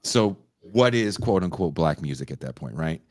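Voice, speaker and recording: A male podcast host telling a long story in a loose, profane, animated way. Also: low-pitched, moderate pace, no echo. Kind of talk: casual storytelling chat.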